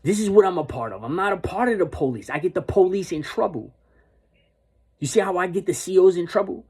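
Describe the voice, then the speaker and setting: A man's voice: high voice, lively intonation, a little fast, darkish tone, slightly rough. A man delivering a rambling, insistent monologue rant, repeating and restarting his phrases.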